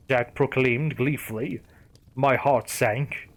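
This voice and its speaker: A man narrates a first-person horror story, reading it aloud in a steady storytelling manner. His pitch is an ordinary middle range for a man, and he speaks a little slowly.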